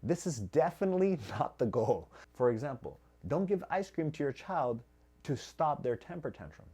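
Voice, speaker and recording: A man's voice: a little high, sing-song, normal speed, mellow, husky. A man hosting a parenting channel, giving scripted advice with emphatic repetition of key phrases. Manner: emphatic, repeats key phrases with rising force.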